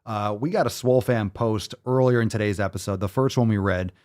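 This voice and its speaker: A man's voice: on the low side, fairly quick, a little mellow. A man hosting a show, talking in casual, profane, rambling commentary with a sarcastic, exasperated edge. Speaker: show host. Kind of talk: livestream commentary.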